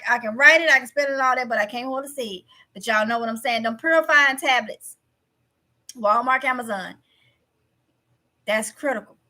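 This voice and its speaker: Bright-voiced woman with a Mississippi accent. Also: fairly high pitch. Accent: Mississippi Southern. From Mississippi, USA. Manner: chatty, repeats herself, talks straight to viewers. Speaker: livestream host. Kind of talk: casual livestream chat reading viewer comments.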